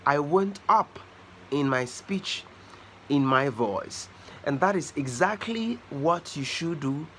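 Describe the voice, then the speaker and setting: A man teaching conversation skills in an instructional talk, slow and deliberate, leaning on key words for stress. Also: a little high, fairly bright tone, slight background noise. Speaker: communication teacher.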